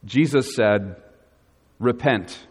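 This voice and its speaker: Male pastor, mid pitch, earnest sermon delivery, long church reverb. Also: takes it slowly, slightly rough. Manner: earnest preaching with repeated questions to the congregation.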